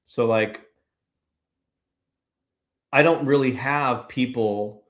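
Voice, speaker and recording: A man's voice: mid-range voice, extremely slow, fairly bright tone. A man from Pennsylvania with a mid-range voice, chatting as a podcast guest. He rambles loosely, filling his sentences with "like" and "you know", in an easygoing conversational way. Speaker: podcast guest, business owner. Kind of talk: casual conversational interview.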